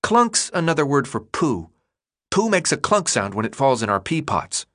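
A man reading aloud and voicing a chubby, cheeky twelve-year-old boy with a high childish pitch. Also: big pitch swings, fairly bright tone. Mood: reassuring. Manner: blunt, cheeky, quick-talking.

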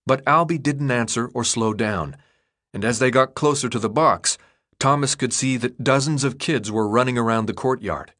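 A man narrating an audiobook in a steady, even storytelling voice. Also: medium pitch, moderate pace. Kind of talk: scripted narration.

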